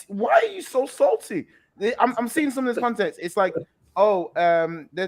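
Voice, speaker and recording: Man, high-pitched, football podcast panelist, teasing and combative, quick comebacks, casual banter. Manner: teasing, quick comebacks, reads chat comments aloud.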